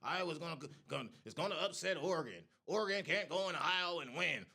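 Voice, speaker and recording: A man's voice: fairly high pitch, lively intonation, fairly quick, vocal fry, hardly any pauses, sharp tone. A man hosting a sports show, delivering a heated, profane college football rant that trash-talks rival fans. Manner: Oregon fan taunting rival fans.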